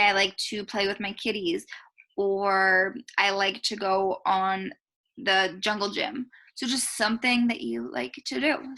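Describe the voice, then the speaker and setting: Gravelly, bright-voiced kindergarten teacher. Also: female voice, mid-range voice. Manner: slow, sing-song teacher talk addressed to small children. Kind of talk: recorded remote writing lesson for young children.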